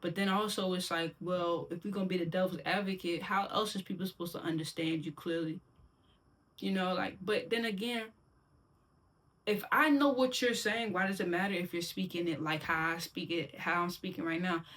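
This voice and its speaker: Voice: medium pitch, steady tone, moderate pace, fairly bright tone. A young adult from Silver Spring with a Maryland accent, giving their opinions in a candid, slangy monologue straight to the viewer. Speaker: vlogger.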